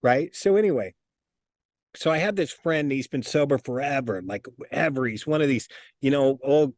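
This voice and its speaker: A man in a casual interview, telling stories in an animated, profane way and repeating his words. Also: medium pitch, normal speed. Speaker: interview guest.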